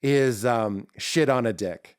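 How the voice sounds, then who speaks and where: A man's voice: medium pitch, slow, clean tone, dry recording, studio quality. Riffing male comic guest. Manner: riffing, animated, playful emphasis. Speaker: comedian guest. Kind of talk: casual podcast chat.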